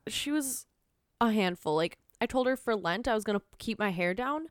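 Young woman, podcast guest, smooth voice a little on the high side, rambling storyteller. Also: normal speed, dry recording, clean studio sound. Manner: rambling, animated storyteller, jumps into tangents. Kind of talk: casual chat.

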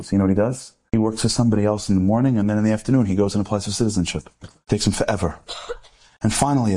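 A man giving an inspirational storytelling talk to a live audience, animated, with rhetorical questions and acted-out dialogue. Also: on the low side. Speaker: inspirational speaker.

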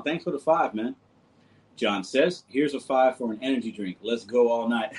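A man's voice: medium pitch, normal speed, breathy edge, rough recording. A man hosting a casual livestream, reading viewer comments and joking with them in a laid-back way. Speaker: livestream host.

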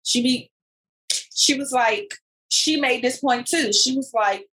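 Casting: woman podcast co-host, fairly high voice, animated slangy storyteller. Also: slow pace, poor audio. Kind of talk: casual chat.

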